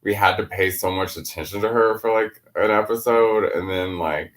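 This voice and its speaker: A man's voice: lowish voice, normal speed. A man co-hosting a casual movie discussion podcast, chatty and leaning on "like" a lot. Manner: chatty, leans on "like". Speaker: podcast co-host.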